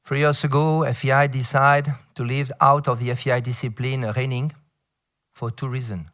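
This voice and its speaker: French-accented man giving a halting conference speech. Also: mid-range voice, level tone, a bit bright. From France. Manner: halting, many fillers and restarts, playful asides. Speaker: federation director addressing a round table.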